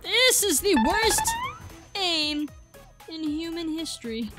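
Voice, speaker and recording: A woman calls out a shooter match as she plays it. Her voice is high and swings widely in pitch as she shrieks, apologizes to teammates and mocks her own aim. Game music and gunfire run underneath. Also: takes it slowly. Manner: excitable, exclaiming and apologizing a lot; self-deprecating joking. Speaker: gaming video creator. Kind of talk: live gameplay commentary. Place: at home, seated at a gaming desk.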